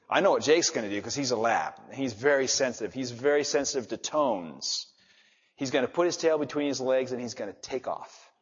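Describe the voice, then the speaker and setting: Husky-voiced preacher with a long hall echo. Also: male voice, medium pitch. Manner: animated, swings from soft asides to loud emphasis. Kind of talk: sermon. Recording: dull reverberant hall sound.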